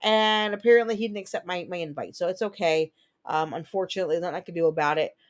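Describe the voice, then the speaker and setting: A woman from New Jersey hosting a casual livestream chat, talking in a rambling, profane way and quick to launch into rants. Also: fairly low pitch. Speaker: livestream host.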